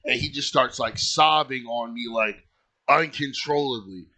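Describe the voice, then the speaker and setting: Young man, bright-toned, casual storyteller who rambles and swears. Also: mid-range voice, a little slow. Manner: rambling, lots of filler likes, swears freely.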